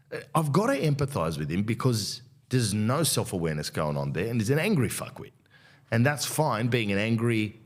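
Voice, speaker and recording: A man, a comedian and podcast host delivering a rambling, profane rant. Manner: rambling, profane and provocative, with lively pitch swings.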